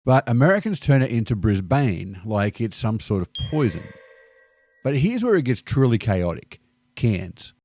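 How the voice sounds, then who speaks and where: A man's voice: medium pitch, big pitch swings, normal speed, mellow, slight background noise. A middle-aged Australian man with an Australian accent, narrating a vlog in a wry, joking way. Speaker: vlogger. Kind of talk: scripted narration.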